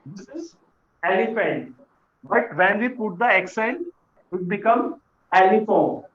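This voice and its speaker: A high-pitched man teaches beginners in an unhurried, patient way, repeating key words so learners can follow. The recording is roomy and a bit muffled, with a lo-fi edge. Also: expressive, fairly bright tone. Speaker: French teacher. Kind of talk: classroom lesson explanation. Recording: echoey room, dull lo-fi sound.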